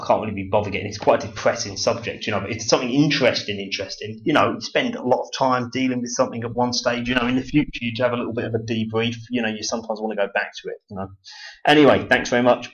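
Low, mocking man from England. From Chatham, Kent, England. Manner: rambling, mocking, swears freely, laughs often. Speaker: video blogger. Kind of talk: casual monologue to camera. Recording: dull lo-fi audio.

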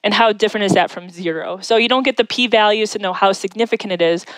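A woman's voice: medium pitch, fast, no room sound, rough recording. A woman, a speech science researcher, explaining her dissertation research as a podcast guest in a methodical, step-by-step way.

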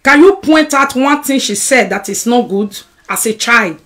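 A Nigerian woman chatting on a live stream from her home, her voice sitting a little high. She is animated and combative as she answers the comments one by one. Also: normal speed. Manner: animated, argumentative, reads and answers viewer comments. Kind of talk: casual live-stream chat.

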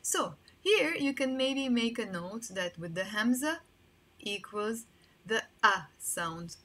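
Woman, Lebanese accent, higher-pitched voice, patient teacher, repeats each word, casual lesson. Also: animated, slow pace, fairly bright tone. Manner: explains patiently, repeats words for practice. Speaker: language teacher. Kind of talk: casual online language lesson.

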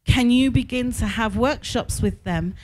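A woman school consultant giving a talk to school staff in a conference hall, telling stories with lively, emphatic repetition. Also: on the high side, a little slow, slight background noise.

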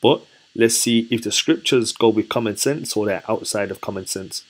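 A man leading a casual Bible study, chatty and relaxed, who asks his listeners questions and then answers them himself. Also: lowish voice, normal speed. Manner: relaxed, chatty and self-correcting. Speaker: scripture teacher.

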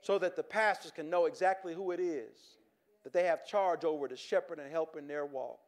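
High-voiced preacher. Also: male voice, moderate pace. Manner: conversational, with stammered restarts and chuckles, shifting from joking to earnest. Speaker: pastor. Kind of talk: sermon.

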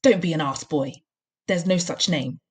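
A huge, cruel headmistress from a storybook barks commands and snaps insults, as a woman reading aloud puts her on. The voice sits low and a little husky, with a harsh, clipped bark. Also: normal speed, a little mellow. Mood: scornful. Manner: barking, snapping commands. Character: huge bullying female headmistress, cruel and furious.

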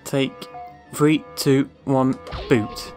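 A man's voice: medium pitch, level tone, extremely slow, a little mellow, soft background music. A man giving casual gameplay commentary, sarcastic, swearing freely and talking back to the game. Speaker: let's play gamer.

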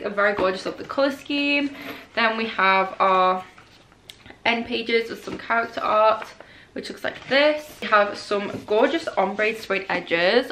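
A young woman chatting casually in a book unboxing vlog, excitable and gushing, often laughing as she talks. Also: fairly high pitch, a little hiss or hum. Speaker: book vlogger. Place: indoors at home, rain outside.

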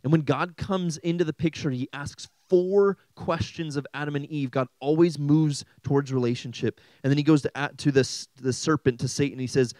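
Animated young man preaching to teens. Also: a little high, moderate pace, few pauses, no room sound, low-quality recording. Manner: animated and jokey, asking the room questions. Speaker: youth pastor. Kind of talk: sermon.

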